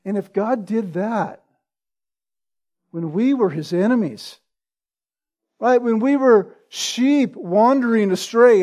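A man preaching an expository sermon, earnest and deliberate, who often checks in with a rhetorical "right?" and repeats words for emphasis. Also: very high-pitched, darkish tone. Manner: earnest, rhetorical, frequent "right?" tag questions; slow and deliberate with emphatic repetition. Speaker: pastor.

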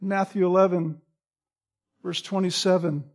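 High-voiced, slow preaching man. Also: steady tone, a little mellow. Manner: emphatic, repeats key phrases for stress; quotes scripture with chapter and verse. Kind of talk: sermon.

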